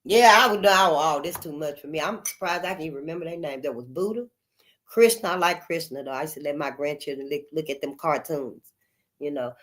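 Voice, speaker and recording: A woman's voice: low-pitched, a little fast, a bit bright. An older woman hosting her channel in a casual, unscripted monologue, emphatic and repetitive, calling her listeners honey. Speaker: channel host.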